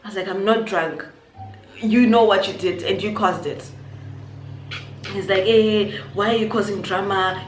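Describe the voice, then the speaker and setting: A young woman from Zimbabwe telling a personal story on her vlog, animated and acting out what people said. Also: medium pitch. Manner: animated storytelling, acts out quotes. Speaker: YouTuber. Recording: echoey room, faint noise.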